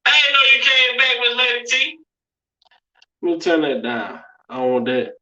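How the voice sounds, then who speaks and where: A woman's voice: on the high side, animated, moderate pace, pushed and bright, dull audio. A woman vlogger in casual reaction commentary, chatty and exclaiming, talking straight to her viewers. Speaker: vlogger reacting to internet clips.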